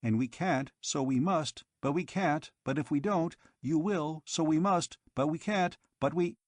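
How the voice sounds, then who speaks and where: A man voicing a loud looping patrol robot. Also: on the high side, unhurried, dry recording, clean studio sound, voice pushed up, natural voice. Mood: frantic looping. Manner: loud, repetitive looping reasoning. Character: patrol robot stuck in a logic loop.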